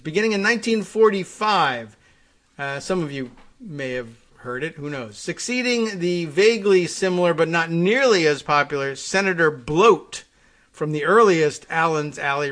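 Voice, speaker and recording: Talk host guy riffing on air, wry and rambly, kinda high voice, laughs a lot. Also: a bit bright. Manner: rambling, wry, chuckling, many fillers and restarts. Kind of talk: casual monologue reading and riffing on air.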